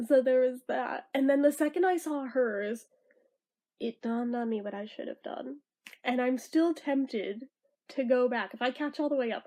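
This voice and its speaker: A woman's voice: on the high side, warm tone. A young woman vlogging in casual chat, rambling, laughing often and swearing casually.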